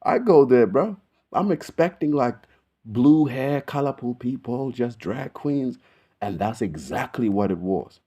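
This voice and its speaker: A man's voice: medium pitch, a little slow. An Australian man hosting a video, telling rambling stories with lots of slang and swearing. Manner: slangy, profane, rambling, animated storyteller. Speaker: video host. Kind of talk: casual storytelling to camera.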